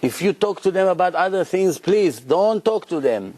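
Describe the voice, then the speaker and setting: A man's voice: sits high, lively intonation, normal speed, darkish tone, voice pushed up. A man doing a blustering gangster club owner. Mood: angry. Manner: blustering, menacing. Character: angry threatening male club owner, gangster type.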